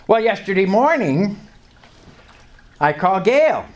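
An older voice tells a personal faith story to a small group. The pitch swings widely from low and hushed to high and excited, and the voice is neither notably high nor low. The delivery is animated and full of acted-out prayers and soft chuckles. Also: a little slow. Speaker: lay preacher sharing testimony.

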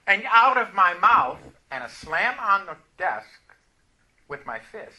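A man preaching a sermon, telling a personal story with animated, emphatic declarations. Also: high-pitched, takes it slowly.

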